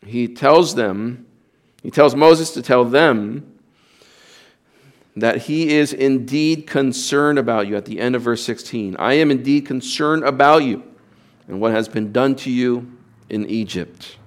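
Man, pastor, sermon, slow unhurried delivery, earnest, emphatic, mid-pitched voice. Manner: earnest, emphatic preaching with repetitions and restarts.

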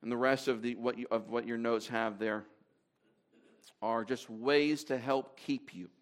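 A man gives a sermon to a gathered congregation in a middle-pitched, everyday voice. He speaks conversationally, with fillers and restarts, and reads scripture passages aloud as he goes. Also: fairly even intonation, a little slow. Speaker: preacher.

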